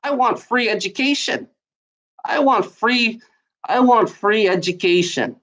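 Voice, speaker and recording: A woman rants in an angry, heated monologue, swearing often, repeating herself, and speaking straight at someone. Her voice is fairly high, animated, and a bit bright, at a measured pace.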